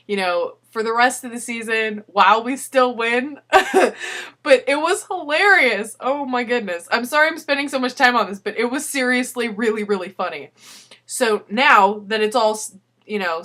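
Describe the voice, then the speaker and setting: A young woman with a slightly high voice recounts her week in a relaxed, chatty video letter. She laughs often as she talks. The tone is casual and personal, recorded on a camera. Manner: giggly storytelling, laughs often.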